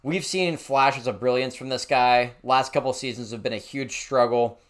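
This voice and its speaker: Brief: male podcast co-host, mid-pitch, blunt jokey delivery with casual swearing. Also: fairly even intonation, moderate pace. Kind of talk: casual sports chat.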